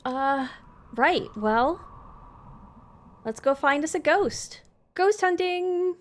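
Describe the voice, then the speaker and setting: A woman with a slightly high voice doing live let's play commentary. She reads game dialogue aloud and breaks off to chat with her viewers. Her voice is close on a desk mic in a home setup. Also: expressive, drawn-out words. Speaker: streamer.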